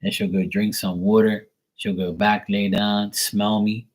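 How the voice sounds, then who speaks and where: A man's voice: lowish voice, level tone, unhurried, poor audio. A man hosting a live tarot stream, chatting casually in a loose, profane way and filling his talk with "like". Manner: loose and profane, heavy on fillers like "like". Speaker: tarot reader hosting a livestream. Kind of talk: casual livestream chat.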